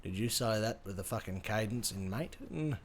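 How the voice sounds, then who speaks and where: A man's voice: on the low side, expressive, moderate pace. A young Australian man streaming a game, rambling and swearing casually as he answers chat between plays. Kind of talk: casual gaming livestream chat.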